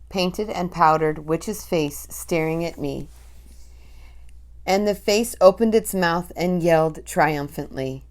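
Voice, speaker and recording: Woman reading a story slowly. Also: fairly low pitch. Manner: slow, dramatic, breathless storytelling. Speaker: reader.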